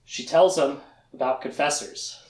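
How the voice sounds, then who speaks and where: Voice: mid-range voice, unhurried, a little mellow. A chatty, giggly speaker casually retelling the plot of a fantasy book series as a lecture. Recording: roomy echo.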